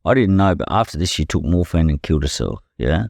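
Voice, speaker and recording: This young Australian man, a professional boxer guesting on a podcast, tells candid stories in blunt, profane terms and keeps falling back on "you know." His low, gravelly voice is expressive and darkish, and he talks fast. The recording is dry, with clean studio sound.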